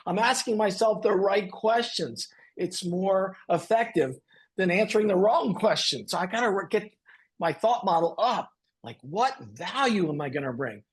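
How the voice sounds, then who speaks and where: A man's voice: sits high, lively intonation, normal speed, slightly rough. A man hosting a panel on a video call, asking loose, rambling questions. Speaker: panel host.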